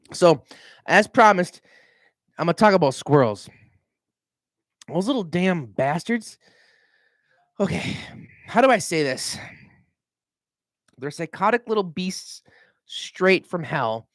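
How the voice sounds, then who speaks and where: A man's voice: high-pitched, no room sound. Midwest guy from minnesota just rambling on his vlog, swearing, acting out stories, pretty dead dry sound. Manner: animated storytelling, mimics voices, swears freely. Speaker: realtor vlogger.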